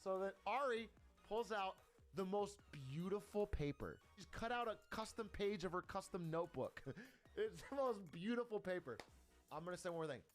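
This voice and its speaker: A young man streamer telling a personal story in a casual, animated way, swearing often and laughing between lines. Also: sits high, moderate pace, faint music behind.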